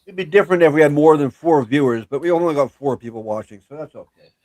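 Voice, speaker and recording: A man's voice: a little high, fast talker, a little mellow, no echo. A man co-hosting a casual live stream, joking and self-deprecating. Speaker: show co-host.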